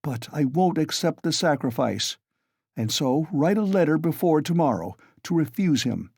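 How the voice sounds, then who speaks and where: A man's voice: fairly high pitch, animated, normal speed, vocal fry, darkish tone, breathy edge, no room sound, clean studio sound, pitched above the performer's own voice, full character voice. A man voicing a feverish, irritable young man. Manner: agitated, insistent.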